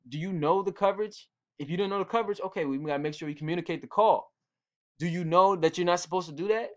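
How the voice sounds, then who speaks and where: A man's voice: sits high, highs cut off. A man who coaches football, talking casually to young players, telling stories with quoted exchanges in a laid-back, slangy way. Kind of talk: casual instructional talk.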